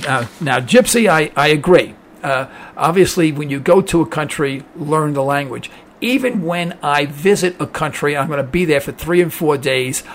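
A man's voice: fairly high pitch, a little hiss or hum. Impassioned older man ranting to listeners. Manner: rambling, repeats words, impassioned and preachy. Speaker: talk show host reading listener emails. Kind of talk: casual opinion monologue.

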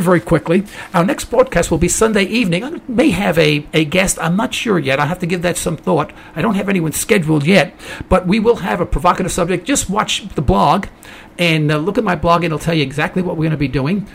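Male American talk-radio host, opinionated monologue, high raspy gravelly voice. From United States. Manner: indignant, ranting, mocking quoted voices.

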